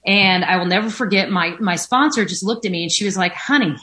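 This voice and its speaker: Fast, forceful, and bright, this woman's mid-range voice carries her candid account of recovering from alcohol addiction. She talks from home by a window, using lots of fillers and swearing every so often as she gives her personal testimony.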